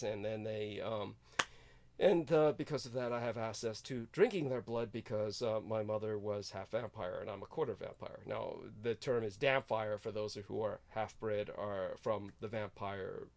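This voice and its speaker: A man's voice: on the low side, darkish tone. A man hosting a casual chat, telling long-winded stories full of fillers. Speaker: show host.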